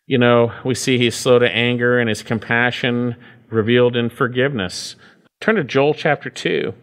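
A man's voice: medium pitch, fairly even intonation, normal speed, a bit bright. A man preaching a sermon, reading scripture aloud and repeating key phrases with emphasis. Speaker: pastor.

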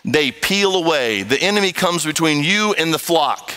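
A man preaching a sermon, reading scripture and acting out voices and sounds, with wide swings in pitch. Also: animated, normal speed, pushed and bright.

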